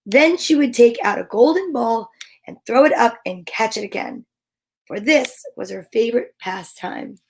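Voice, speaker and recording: A woman's voice: a little high, normal speed, creaky, a little mellow, a little hiss or hum. A woman hosting a storytime, reading a fairy tale aloud with playful chatty asides. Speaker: storyteller host. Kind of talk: children's read-aloud.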